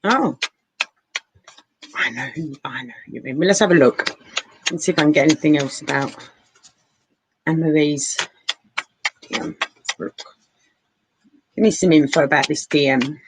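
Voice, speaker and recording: A woman's voice: sits low, normal speed, long pauses, background noise. A woman chatting through a live tarot reading from her sofa at home, calling viewers darling and honey. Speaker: tarot reader. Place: living room sofa at home.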